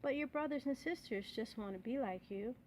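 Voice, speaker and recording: A woman reading a storybook, voicing a patient mother frog in a gentle, soothing way. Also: fairly high pitch, brisk, a little hiss or hum, close to an everyday voice.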